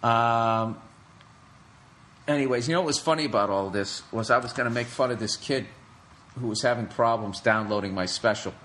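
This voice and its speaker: Profane ranting man, bright edgy voice. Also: mid-range voice, normal speed, a little hiss or hum. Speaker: podcast host. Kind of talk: solo comedic rant.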